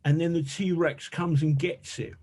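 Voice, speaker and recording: A man doing a brash, cheeky Essex woman with a plain-spoken, no-nonsense way of talking. Her voice sits much higher than the storyteller's own, and she tosses off her lines with a teasing edge. She sounds like a colleague ribbing him. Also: steady tone, a little slow, darkish tone. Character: blunt, cheeky young woman producer from Essex.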